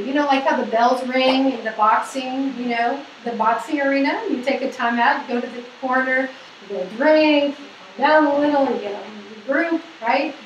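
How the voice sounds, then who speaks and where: A woman presenting a seminar to a women's group, lively, asking the audience questions and acting out the people she quotes. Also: sits high, normal speed, a little hiss or hum. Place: hall or meeting room. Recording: echoey room, mic at a distance.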